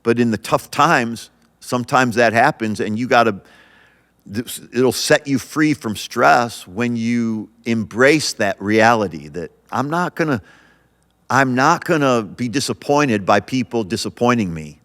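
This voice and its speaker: A man's voice: mid-range voice, lively intonation, a little slow, fairly bright tone, long reverb tail. A male pastor hosting a podcast, talking earnestly and encouragingly, often restarting his sentences. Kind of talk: podcast sermon.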